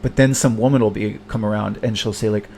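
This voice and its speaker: A man's voice: on the low side, fairly even intonation, gravelly, warm tone, a little hiss or hum. Rambling, bitter man, self-deprecating. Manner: rambling, halting, self-deprecating, many restarts and fillers; bitter, frequent swearing. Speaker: vlogger. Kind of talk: confessional monologue.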